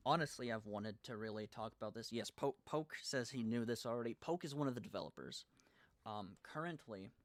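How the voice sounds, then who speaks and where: Nervous, excited young man live-streaming. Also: medium pitch, no room sound. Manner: nervous and excited, halting with many restarts. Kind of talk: casual live stream chat.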